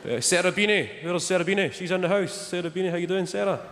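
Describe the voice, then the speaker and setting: Young stand-up, wry deadpan delivery, on a big echoey stage with loud noise. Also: male voice, high voice, fast. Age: young adult. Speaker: stand-up comedian. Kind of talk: stand-up comedy set. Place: large theatre stage.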